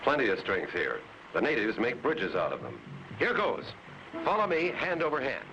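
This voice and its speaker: A man's voice: mid-range voice, wildly swooping pitch, normal speed, sharp tone. An actor playing a brave, firm male pilot hero in a 1950s cartoon. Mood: determined. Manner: firm, commanding. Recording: lo-fi old cartoon soundtrack, hiss.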